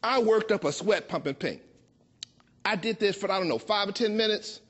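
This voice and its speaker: A man in his sixties from Chicago, telling a personal story with a playful, expressive delivery that slows down for emphasis. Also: high voice. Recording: dull lo-fi recording.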